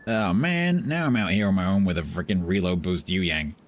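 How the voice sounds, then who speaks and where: A man commenting live on his own gameplay as a streamer, joking and complaining in animated bursts. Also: brisk, slight background noise. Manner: animated, self-pitying, jokey banter with squeaky outbursts. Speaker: game streamer.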